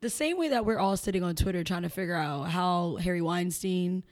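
A young woman with a fairly low voice talks to an interviewer in a blunt, candid way. She is frank and laughs often as she speaks. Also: fairly quick. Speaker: podcast guest, entrepreneur.

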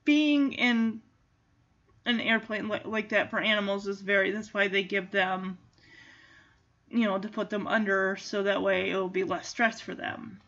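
A woman's voice: medium pitch, steady tone, unhurried, fairly bright tone. A woman chatting casually as she recaps a film, exclamatory, with many restarts. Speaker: movie recap vlogger. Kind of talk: casual chat. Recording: dull lo-fi audio.

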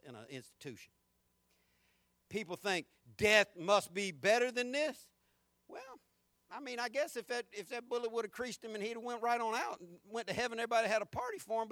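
Preacher, male, high and forceful, folksy and emphatic delivery. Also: dry recording. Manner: folksy, emphatic, shouts at peaks. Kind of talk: sermon.

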